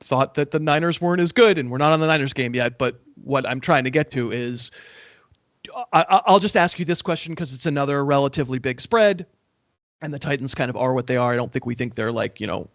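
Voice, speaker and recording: A man's voice: mid-range voice, no echo. A man hosting a casual sports chat, talkative and questioning, teasing himself. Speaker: host.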